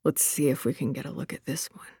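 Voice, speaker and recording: A woman voicing a gruff, weary mountain guide. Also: medium pitch, steady tone, quick pace, mellow, dry recording, clean studio sound, voice pushed down. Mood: grave. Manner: blunt, dismissive.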